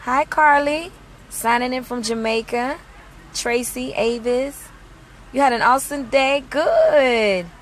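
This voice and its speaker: A woman with a slightly high voice chats casually into her phone from a parked car outside a mall. She greets viewers by name and hands out blessings in an easy, chatty flow. Faint traffic hums in the background. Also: slow. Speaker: ministry leader livestreaming.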